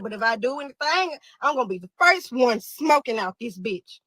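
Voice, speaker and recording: A woman's voice: on the high side, expressive, fairly quick, dry recording, low-quality recording. A young woman speaking out as a grieving mother, raw, angry and exhausted, swearing and repeating herself. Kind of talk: emotional monologue to camera.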